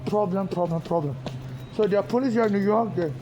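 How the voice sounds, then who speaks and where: A woman's voice: mid-range voice, quick pace, noisy background. Angry woman ranting. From Nigeria. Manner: agitated, repetitive, insistent. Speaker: protester. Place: indoor public building.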